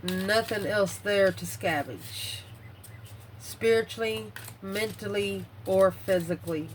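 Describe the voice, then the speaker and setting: A woman's voice: medium pitch, slow, a little hiss or hum, rough recording. A woman giving a casual tarot reading, blunt and swearing freely, out of breath as she muses over the cards. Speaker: tarot reader.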